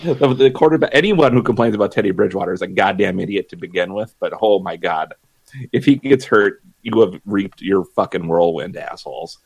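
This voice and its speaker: A man's voice: low-pitched, brisk, darkish tone, breathy edge, dry recording. A man co-hosting a sports podcast, rambling through stories with profanity and laughing at his own jokes. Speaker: podcast co-host. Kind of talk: casual sports banter.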